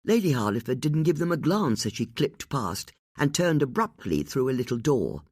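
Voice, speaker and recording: Husky, lively audiobook narrator. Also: mid-range voice, moderate pace, no room sound, clean studio sound. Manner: expressive, varied reading. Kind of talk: scripted narration.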